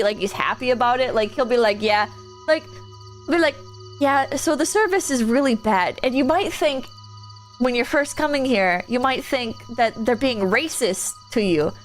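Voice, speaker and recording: A woman's voice: sits high, a bit bright. A woman streamer chatting casually while gaming, telling a rambling story full of "like" and restarts.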